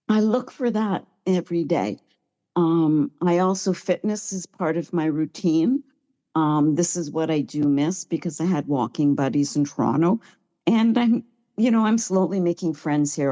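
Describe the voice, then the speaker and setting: A middle-aged woman with a low, warm voice gives a chatty, heartfelt account of her own recovery as a guest speaker at a meeting, at times nearly in tears. The sound quality is lo-fi.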